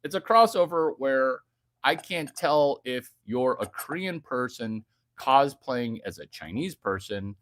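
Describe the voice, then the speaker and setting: A man's voice: mid-range voice, expressive, slow pace, no room sound, clean studio sound. A man hosting a livestream, reading chat aloud and riffing on it in a provocative, mocking way. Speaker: livestream host.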